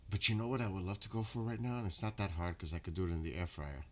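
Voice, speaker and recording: A man's voice: low voice, fairly even intonation, fast talker. A man, chatting casually and profanely to his late-night stream audience. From New York. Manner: rambling, profane, laughs loudly.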